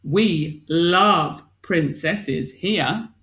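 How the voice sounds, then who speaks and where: A woman's voice: on the low side, extremely slow, a bit bright, roomy sound. A woman voicing a group of hungry, cheeky aliens in a sly, playful way. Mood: greedy.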